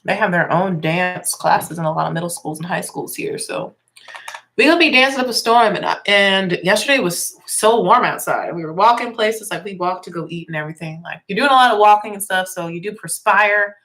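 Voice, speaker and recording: This young beauty vlogger, who also teaches music, walks through a makeup tutorial in a casual chat, explaining every step as she works. Her lowish, slightly congested voice is a bit bright and fairly quick, with few pauses.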